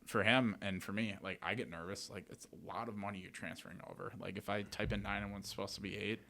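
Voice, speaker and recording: A man talking as a podcast guest, telling lively anecdotes in a casual way and acting out what everyone said. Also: on the low side, fast, gravelly, a little hiss or hum. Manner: animated, retells scenes with "I'm like". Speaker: podcast guest, real estate wholesaler. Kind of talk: casual storytelling.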